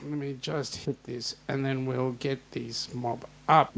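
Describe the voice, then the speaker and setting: A man's voice: medium pitch, fairly even intonation, a little slow, vocal fry, very noisy. An Australian man hosting a casual livestream chat, joking and greeting viewers by name. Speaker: host.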